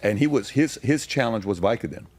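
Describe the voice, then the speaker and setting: A man's voice: medium pitch, lively intonation, fairly quick, a little mellow, no echo. A man who is a guest on a podcast, telling stories in casual conversation. He turns emphatic and asks rhetorical questions when he argues. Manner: storytelling, turning emphatic and rhetorical when arguing.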